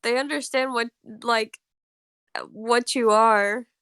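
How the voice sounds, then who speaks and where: Woman player, somewhat high and smooth, matter-of-fact, dry. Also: steady tone, slow, fairly bright tone, no room sound. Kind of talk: casual tabletop chat.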